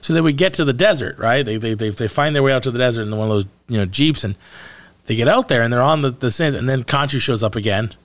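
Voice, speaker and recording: A man's voice: mid-range voice, quick pace. A man hosting a casual podcast, recapping a show in a loose, rambling way with some swearing. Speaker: podcast host. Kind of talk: casual chat recapping a TV episode.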